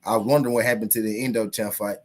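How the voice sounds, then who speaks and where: Talking very fast in a steady, lowish voice, a boxing channel host does casual live commentary. He swears freely, engages his viewers directly and reads a news article out loud.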